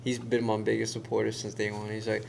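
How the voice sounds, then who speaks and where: A man telling a story in casual conversation, animated and acting out the voices of the people in it. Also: on the low side, quick pace, gravelly. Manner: animated storyteller who acts out quoted voices. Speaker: guest.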